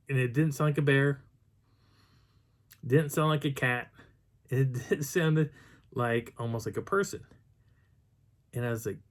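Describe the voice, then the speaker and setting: Unhurried and pausing often, a man with a mid-range voice spins a loose field story. He's a Bigfoot researcher from Colorado's high country recounting a mountain hike, with plenty of restarts and acted-out voices of the folks he ran into.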